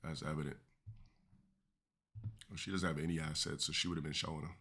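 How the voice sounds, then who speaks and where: A man with a very low voice and a bright, sharp edge gives crude, blunt reaction commentary on his live stream. He dismisses what he is watching in short, cutting remarks. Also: flat delivery, brisk, breathy edge.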